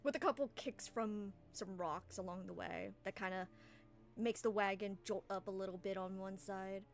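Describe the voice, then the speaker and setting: A woman's voice: mid-range voice, normal speed, gravelly. Casual rambling woman game master. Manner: casual, rambling, with fillers and laughs. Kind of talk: narrating a tabletop game.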